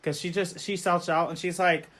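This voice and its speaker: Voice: medium pitch, fairly even intonation, normal speed, fairly bright tone. A young adult podcast co-host with a mid-range voice, talking about a TV drama in sassy, slangy casual chat. The delivery is loose and full of laughter.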